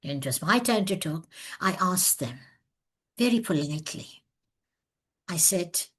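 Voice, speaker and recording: A woman's voice: on the low side, expressive, unhurried, long pauses, slightly rough. A woman presenting a webinar lecture over a video call. She talks earnestly and with emphasis, and she tells her story with lots of animation. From from overseas, living in South Africa.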